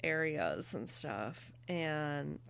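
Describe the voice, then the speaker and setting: A woman's voice: low voice, sing-song, extremely slow, vocal fry, fairly bright tone, smooth. A woman retelling a story in casual chat with friends, laughing as she goes. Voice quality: laughs often while telling a story. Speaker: podcast co-host.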